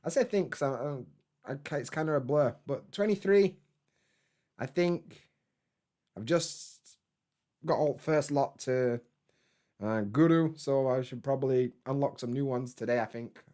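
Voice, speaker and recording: Bloke, mid-pitched, chatting loosely to his stream from home, casual and sweary. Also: a little slow, pauses often, dark tone. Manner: laid-back, rambling, swears freely. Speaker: YouTuber hosting a live stream. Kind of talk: casual live-stream chat reading comments.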